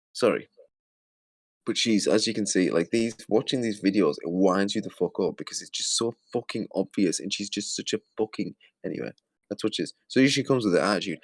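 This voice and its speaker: A man's voice: on the low side, lively intonation, a little fast, no echo. A man ranting with heavy profanity and exasperation as he comments on videos. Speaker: commentary host.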